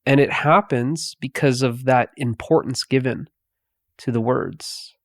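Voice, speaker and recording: A man giving a meditative spiritual talk, speaking softly with long pauses between phrases. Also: mid-range voice, dry recording, studio quality. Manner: slow, pausing, softly spoken. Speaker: spiritual teacher.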